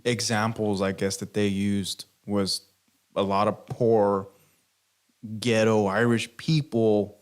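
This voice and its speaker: A man's voice: on the low side, flat delivery, slow, smooth. A man co-hosting a casual podcast, talking in a loose, slangy way. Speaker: podcast co-host.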